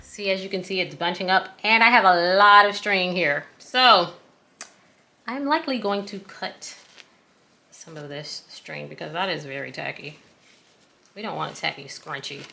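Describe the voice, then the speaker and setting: A woman's voice: lowish voice, moderate pace, creaky, sharp tone, slight background noise. A woman with a Southern US accent, chatting casually while walking viewers through a sewing tutorial in a folksy, self-deprecating way. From American South. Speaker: craft tutorial host.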